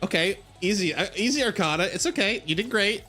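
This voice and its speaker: A man's voice: high-pitched, animated, a little fast, bright, forceful tone, soft background music. A man streaming, casually reading a game story aloud, giggling, rambling and stumbling over words.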